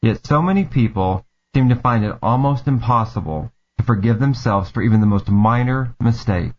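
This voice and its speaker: An American man hosting a segment, giving an earnest, calm, encouraging reflective monologue. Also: medium pitch, normal speed. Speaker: segment host. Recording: dull lo-fi sound.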